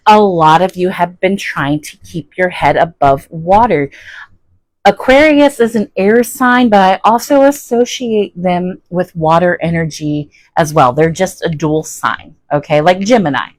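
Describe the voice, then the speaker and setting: A woman's voice: on the low side, dry recording, rough recording. A woman giving a chatty, folksy tarot reading to her viewers, often checking in with "okay?". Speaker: tarot reader.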